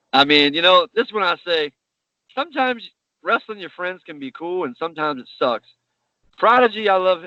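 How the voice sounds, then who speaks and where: A man with a bright, forceful voice tells ring stories in a loose, animated way, laughing as he goes and swearing freely. The sound is dry and a little dull, with little room around it. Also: fairly high pitch, dry recording. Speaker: pro wrestler guest. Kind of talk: casual storytelling interview.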